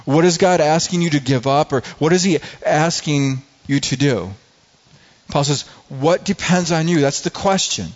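A man's voice: on the high side, moderate pace. A middle-aged man preaching a sermon, telling personal stories earnestly with frequent restarts. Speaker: pastor. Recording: slightly dull lo-fi recording.

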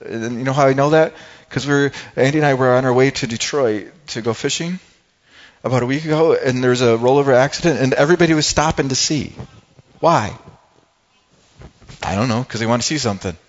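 A man's voice: mid-range voice, brisk, lo-fi sound. Earnest man preaching a sermon. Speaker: pastor.

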